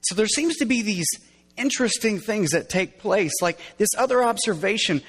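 High-voiced male preacher in a reverberant hall. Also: normal speed, soft background music. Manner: animated, acts out quoted lines with sudden drops to hushed tones. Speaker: pastor. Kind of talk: sermon.

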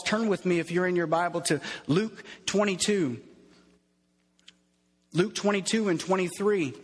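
High-voiced husky male preacher. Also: long reverb tail. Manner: earnest, repeats phrases for emphasis. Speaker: pastor. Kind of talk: sermon.

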